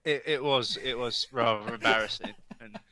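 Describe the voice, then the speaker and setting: A man co-hosts a relaxed beer podcast in casual chat. His voice is bright and forward. He teases dryly and stammers over the start of his sentences. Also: mid-range voice, moderate pace. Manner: dry, teasing, stammers on restarts. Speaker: podcast co-host.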